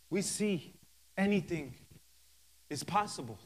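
A man with a notably high voice delivers a sermon at an unhurried, drawn-out pace. He reads scripture verse by verse, leaning on emphatic pauses and breaking in with fervent hallelujahs. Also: expressive. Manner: fervent, interjects hallelujah and praise God. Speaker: minister.

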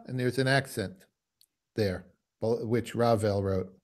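A man's voice: lowish voice, unhurried, long pauses, slight background noise. A man teaching a music masterclass, musing aloud and singing phrases to explain them. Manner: musing, sings phrases, trails off quietly. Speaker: bassoon teacher giving a masterclass.

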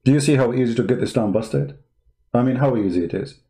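A man's voice: mid-range voice, fast, warm tone. A man giving mocking, emphatic commentary on video clips as a show host.

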